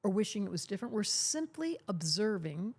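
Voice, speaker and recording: Older woman guest on a podcast, emphatic and playful, animated intonation. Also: mid-range voice, fairly quick. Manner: emphatic, teasing, acts out quoted voices. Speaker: astrologer, guest. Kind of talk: podcast interview conversation.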